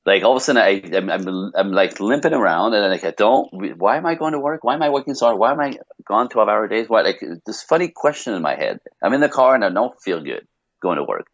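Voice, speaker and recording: Male podcast guest, low voice, chatty restart-heavy storyteller, dull lo-fi sound. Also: fast talker, dry recording. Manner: animated rambling storytelling with many restarts. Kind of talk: casual podcast conversation.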